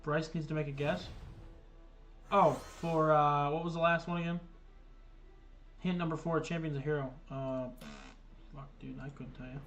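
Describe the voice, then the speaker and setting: A man streaming a video game, thinking out loud and swearing casually as he plays. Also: a little high, fairly even intonation, moderate pace, long pauses, faint music behind. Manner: casual, profane, thinks aloud. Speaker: gaming streamer. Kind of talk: casual livestream commentary.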